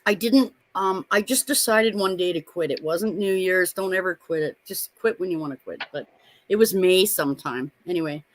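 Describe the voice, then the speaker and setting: A woman in her fifties co-hosting a live stream, telling stories in a blunt, animated way and swearing freely. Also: lowish voice, normal speed, slight background noise. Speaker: co-host of a live watch party stream. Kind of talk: casual chat.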